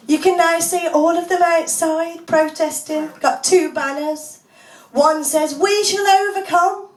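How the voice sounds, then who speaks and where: A woman doing a stand-up comedy set of deadpan one-liners, laughing often. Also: high voice, takes it slowly, long pauses. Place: small pub comedy club, audience laughing. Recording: echoey room, voice from far off.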